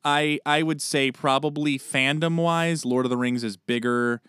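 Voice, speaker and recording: A man co-hosting a podcast in casual chat, animated and joking, with quick asides. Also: fairly high pitch, clean tone, dry recording, clean studio sound. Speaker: podcast co-host.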